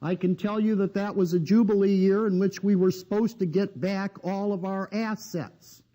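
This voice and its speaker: A man with a high-pitched yet mellow, dark-toned voice lectures a live seminar. He talks bluntly and needles the room with rhetorical questions. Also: fairly even intonation, moderate pace, highs cut off.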